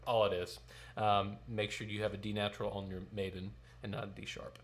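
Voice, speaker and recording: A man's voice: lowish voice, flat delivery, a little fast, soft background music. A man leading a choir sectional rehearsal. He counts in, sings short phrases and explains notes patiently. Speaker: choir director.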